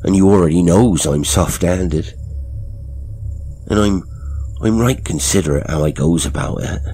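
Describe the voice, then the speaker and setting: A man's voice: sits low, unhurried, warm tone, slight background noise. A man voicing a plump, creepy male lorry driver who speaks in a rustic working-class dialect and sounds apologetic and ingratiating.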